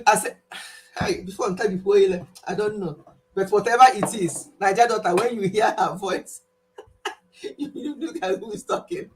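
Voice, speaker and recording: A woman, old enough to be her viewers' mother, chatting casually with her live-stream viewers, laughing often and acting out the people she quotes. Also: medium pitch. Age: older. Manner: animated, laughs often, quotes others in voices.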